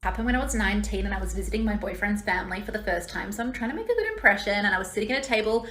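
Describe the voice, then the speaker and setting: A woman's voice: mid-range voice, animated, very fast, fairly bright tone. Give me an Australian woman telling a sarcastic story in an echoey room. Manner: exasperated, sarcastic retelling. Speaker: social media storyteller. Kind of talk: casual storytelling clip.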